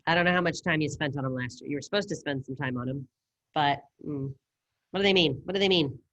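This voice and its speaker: Woman, Spanish teacher on a video call, casual upbeat, lower voice, dry close sound. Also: fast, a bit bright, no room sound. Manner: casual, upbeat, quizzing students. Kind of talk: online class lesson. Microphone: computer mic on a video call.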